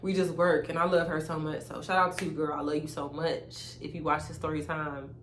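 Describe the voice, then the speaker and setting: Woman vlogger storytime, slangy, emphatic, low-ish voice, roomy echo. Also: level tone, brisk, a bit bright, a little hiss or hum. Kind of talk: casual storytime chat. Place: beside a fire.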